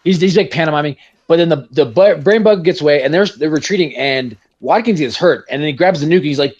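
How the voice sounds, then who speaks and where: Man, casual movie chat, profane, excitable, somewhat high pitch. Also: fast talker, breathy edge, muffled recording. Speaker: podcast co-host.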